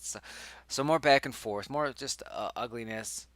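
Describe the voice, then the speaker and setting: A young man with a mid-range voice reads through his own screenplay in an unhurried, think-aloud chat. He rambles, corrects himself, and sometimes drops to a hushed whisper. The recording is dry.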